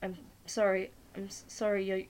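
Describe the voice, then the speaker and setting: A woman's voice: mid-range voice, completely flat delivery, moderate pace, a little mellow, close to an everyday voice. A woman voicing a nervous young male thief in a storybook reading, stammering and anxious.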